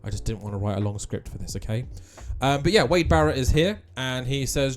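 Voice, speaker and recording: A man's voice: medium pitch, a little fast, few pauses. A man giving casual, offhand commentary on a wrestling game.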